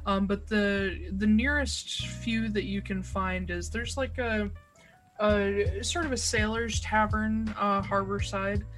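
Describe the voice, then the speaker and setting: A woman's voice: mid-range voice, steady tone, slow, fairly bright tone, soft background music. Filler-heavy woman game master. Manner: laughing, self-deprecating, filler-heavy narration. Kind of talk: narrating a tabletop game.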